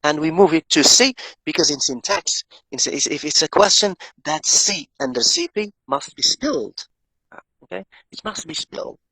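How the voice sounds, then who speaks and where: A man's voice: fairly high pitch, big pitch swings, moderate pace, bright, forceful tone, dry recording, poor audio. Male prof teaching a class, lots of rise and fall, dry close sound, says things twice. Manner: explains step by step, often repeating phrases; asks students questions. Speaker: professor. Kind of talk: lecture.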